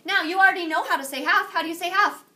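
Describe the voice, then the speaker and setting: A woman Spanish teacher giving a playful, animated classroom lesson, quizzing her students. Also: extremely high pitch, fast talker. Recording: distant classroom camera with faint noise.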